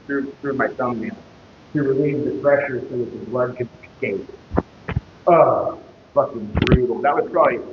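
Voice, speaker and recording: A man telling a story on a casual live stream, swearing constantly and rambling. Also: medium pitch. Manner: profane, rambling, laughs while telling stories. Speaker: fitness streamer. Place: gym, echoey room. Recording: echoey hall, dull lo-fi sound, noisy background.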